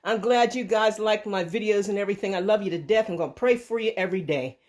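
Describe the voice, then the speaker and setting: A woman's voice: mid-range voice, quick pace, a little mellow. Woman host, casual kitchen demo, chatty and rambling, handheld camera. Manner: chatty and rambling, with restarts, calls viewers folks. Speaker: channel host. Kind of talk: casual home cooking demo.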